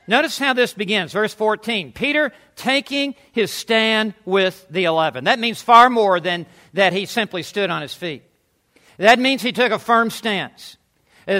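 Emphatic preacher, male, high and bright, builds points through repetition with quick joking asides. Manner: emphatic, repeats words for stress, asides with jokes. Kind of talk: sermon.

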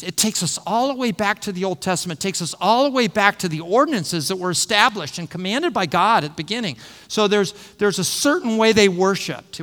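A man's voice: sits high, a bit bright, big-room sound. A middle-aged man preaching an expository sermon, teaching and repeating phrases for emphasis. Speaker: pastor.

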